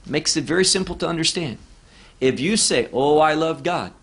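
A man teaching verse by verse through a Bible passage, deliberate and emphatic, often repeating key words. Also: a little high, expressive, fairly bright tone, husky.

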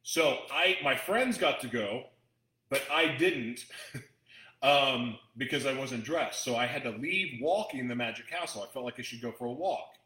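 A man's voice: mid-range voice, unhurried, sharp tone, echoey room, low-quality recording. A man hosting a talk, chatting to his audience in a rambling, emotional way with frequent restarts. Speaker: host addressing an audience. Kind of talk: casual storytelling talk.

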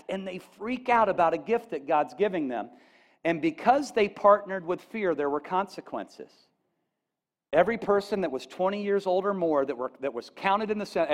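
A pastor preaching to his congregation, his voice pitched high for a man. He swings from quiet, confiding asides to loud, ringing declarations when he quotes Scripture, and checks in with the room as he goes. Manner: animated, rising to near-shouts on quoted lines; folksy asides, addresses audience with "okay?". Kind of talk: sermon.

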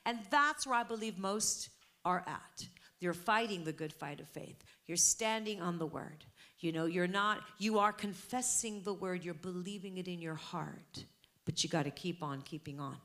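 A middle-aged woman pastor delivering a sermon, building from measured teaching to loud, emphatic preaching. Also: lowish voice. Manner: preaching with rising, emphatic intensity.

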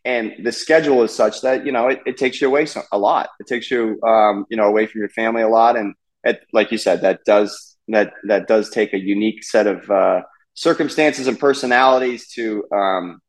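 A man's voice: lowish voice, fairly quick, low-quality recording. A man in his thirties, a race car driver, chatting casually in an interview with many fillers and restarts.

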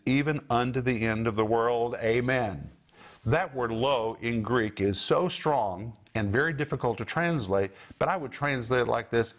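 A middle-aged man teaching a sermon on scripture, emphatic and preacherly, repeating his key phrases for weight. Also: medium pitch. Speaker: Bible teacher.

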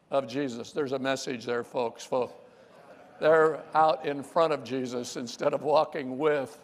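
A man's voice: a little high, in a large hall. A male pastor preaching a sermon emphatically, repeating key phrases and calling on the congregation to respond.

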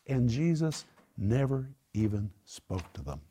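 Animated preacher man, higher voice. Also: a little slow. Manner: animated, acts out voices of the people in the story. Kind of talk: sermon.

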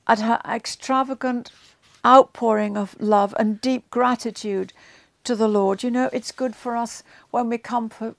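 A woman's voice: medium pitch, gravelly, no room sound, studio quality. A woman giving a conversational Bible teaching to camera, with chatty asides and frequent ums, growing emphatic as she retells scenes.

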